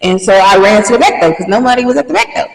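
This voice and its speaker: A young woman hosting a podcast, telling a story in a lively, slangy, animated way. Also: mid-range voice, racing, vocal fry. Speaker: podcast host. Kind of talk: casual storytelling. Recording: echoey room, mic at a distance.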